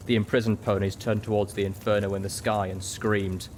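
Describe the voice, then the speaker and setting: A man narrating a story in first person with a steady, dramatic reading. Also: lowish voice, fairly quick, slight background noise. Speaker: audiobook reader.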